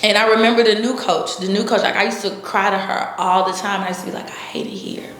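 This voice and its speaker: A woman's voice: medium pitch, fast talker, roomy sound. A woman being interviewed, telling her story casually and acting out what people said, laughing often. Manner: animated, acts out quotes, laughs often. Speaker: interview guest.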